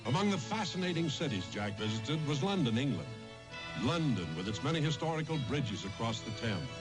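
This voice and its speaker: A man announcing a radio show in a smooth, formal manner. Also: mid-range voice, very animated, a little fast. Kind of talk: scripted narration. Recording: old radio broadcast with music.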